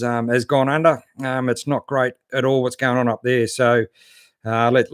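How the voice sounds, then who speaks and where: An Australian man runs a casual four-wheel-driving live stream, reading viewer comments in a laid-back, matey style stuffed with fillers. His mid-range voice is captured dry and clean in a studio.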